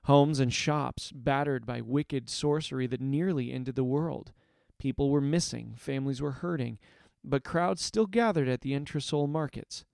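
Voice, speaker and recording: A man narrating a story aloud in a measured, expressive reading voice. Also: mid-range voice, gravelly, dry recording, studio quality. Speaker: story reader.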